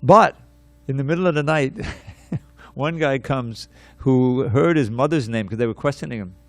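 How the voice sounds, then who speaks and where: During a scripture class, a man animatedly narrates a story, circling back on words and beginning sentences again. His pitch is medium, his pace normal, and the recording has no room sound.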